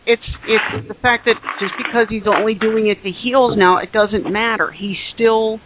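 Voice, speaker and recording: Male co-host, opinionated, high pitch, fed-up tone. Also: steady tone, moderate pace, a bit bright, muffled recording, slight background noise. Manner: opinionated, exasperated. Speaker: podcast co-host. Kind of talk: casual wrestling chat.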